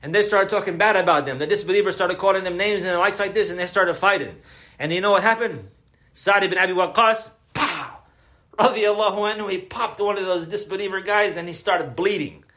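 Quick and high-pitched with a sharp tone, a man gives an Islamic religious lecture. His style is emphatic and repetitive, and he often turns questions on his audience.

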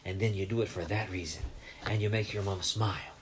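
A man teaching a lesson to young children, softly and gently, often checking in with a questioning "huh?". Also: low voice, fairly quick, a little hiss or hum.

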